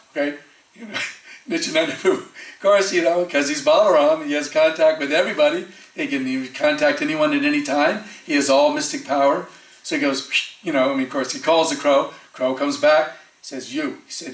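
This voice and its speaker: A man giving a storytelling sermon as a preacher, lively, acting out the quoted voices of the people in his story and chuckling often. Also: fairly high pitch, moderate pace. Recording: echoey temple hall from far off.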